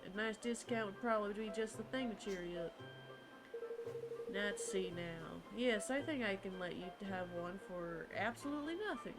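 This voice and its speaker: A woman's voice: medium pitch, normal speed, close to an everyday voice, low-quality recording. A woman voicing a chatty, salesy male travelling merchant in a put-on Southern American accent, reading game dialogue aloud. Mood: folksy, salesy. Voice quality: long-winded sales patter. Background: game music.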